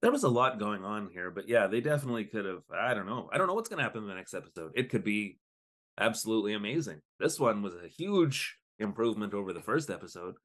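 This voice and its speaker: A man co-hosting a podcast, chatting casually as he recaps an episode and jumps into quick put-on voices for the characters. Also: lowish voice. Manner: animated, acts out lines in quick voices. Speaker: podcast co-host.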